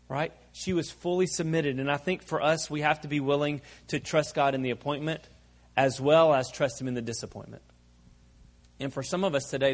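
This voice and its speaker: Earnest preaching man, fairly high voice. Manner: earnest, builds with rhetorical questions. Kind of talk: sermon.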